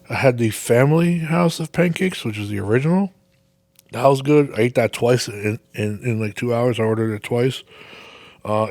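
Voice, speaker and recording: A man hosting a podcast, rambling through a story in a casual, heavily profane way, acting out his own reactions. His voice sits at an ordinary middle pitch, recorded close and dry with no room sound. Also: gravelly, dry recording. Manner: swears constantly, lively anecdotes with exaggerated quoted reactions. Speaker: podcast host.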